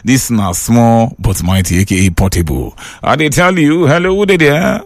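A man with a Nigerian accent hosting a call-in radio show, teasing and exclaiming in lively chat. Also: medium pitch, moderate pace, no echo.

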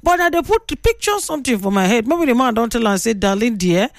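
A woman's voice: on the high side, very animated, quick pace, gravelly, no echo, studio quality. A woman with a Nigerian accent hosting a radio call-in show, chatty and opinionated as she tells a story. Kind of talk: casual radio talk.

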